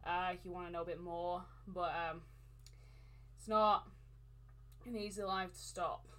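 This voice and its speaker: A woman's voice: fairly low pitch, steady tone, unhurried, fairly bright tone. A woman co-hosting a podcast, talking in loose, conversational chat. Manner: conversational, talks with loose fillers and restarts. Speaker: podcast co-host. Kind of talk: casual chat.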